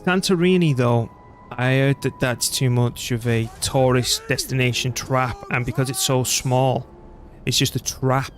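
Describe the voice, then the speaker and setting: British male streamer, middle-aged, chatty and self-deprecating, mid-pitched, faint music underneath. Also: fairly even intonation, unhurried. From Britain. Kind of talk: casual gameplay commentary.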